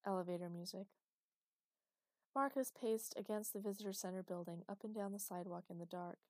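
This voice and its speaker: A woman narrating an audiobook with steady, expressive storytelling. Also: mid-range voice, a little fast, no echo, studio quality.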